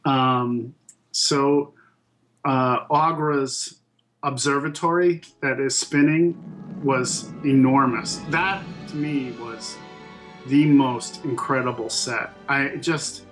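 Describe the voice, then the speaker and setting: A man's voice: mid-range voice, steady tone, slow pace, fairly bright tone, faint music behind, rough recording. A man in his fifties, a puppet and toy designer, telling stories in a casual interview with many ums and restarts. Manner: thoughtful, with frequent ums and restarts.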